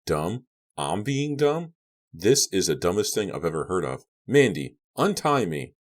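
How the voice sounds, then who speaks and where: A man voicing a panicked teenage boy tied to a chair in an audiobook, shouting and pleading. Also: low-pitched, very animated, a little slow, voice pushed up. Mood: frantic, shouting. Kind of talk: audiobook character voice.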